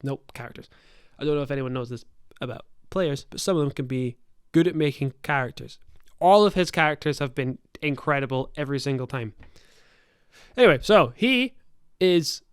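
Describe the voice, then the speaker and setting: A man's voice: medium pitch, lively intonation, moderate pace, clean tone, dry recording, studio quality. A young man hosting a podcast, rambling through a tabletop game story, swearing freely and stopping often to correct himself. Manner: rambling, profane storytelling with many self-corrections. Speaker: podcast host and game master. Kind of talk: casual podcast chat.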